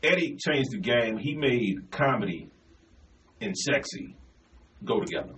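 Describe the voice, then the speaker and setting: A man's voice: mid-range voice, big pitch swings, a little slow, a bit bright. A man hosting a radio talk show, chatting casually with a guest, teasing her and laughing easily. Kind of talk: casual radio interview chat. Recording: distant mic with faint hiss.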